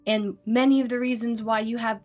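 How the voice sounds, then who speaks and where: A woman voicing a composed female council representative who speaks politely and with measured care. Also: fairly high pitch, fairly even intonation, a little mellow, lo-fi sound, soft background music, lightly acted. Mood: formal.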